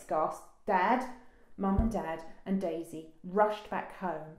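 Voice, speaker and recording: A woman librarian reading a children's picture book aloud with slow, expressive storytelling. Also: medium pitch. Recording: roomy echo.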